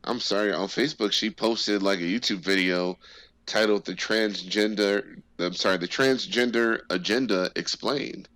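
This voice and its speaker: A man's voice: fairly low pitch, moderate pace, fairly bright tone. A man co-hosting a casual podcast, speaking in a laid-back way with swearing and hesitant fillers. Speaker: podcast co-host.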